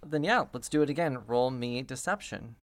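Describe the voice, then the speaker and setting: A man running a tabletop game as game master, relaxed and dry. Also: medium pitch, moderate pace, no room sound.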